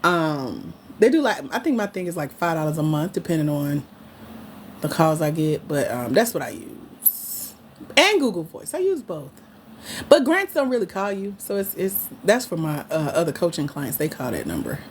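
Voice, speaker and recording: A woman hosting a casual livestream, she teases and scolds her viewers in a playful way. Her pitch swings widely as she talks, and she speaks. Faint noise sits under the voice. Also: very animated, moderate pace. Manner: playful, teasing, talks back to chat comments. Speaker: grant coach hosting a livestream.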